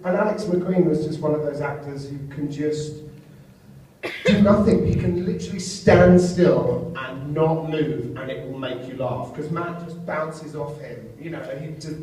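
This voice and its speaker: A man's voice: a little high, a little hiss or hum. Man telling stories in echoey hall. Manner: animated, comic storytelling. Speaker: actor on a convention panel. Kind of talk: panel Q&A anecdotes. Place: large convention hall. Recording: echoey hall, distant from mic.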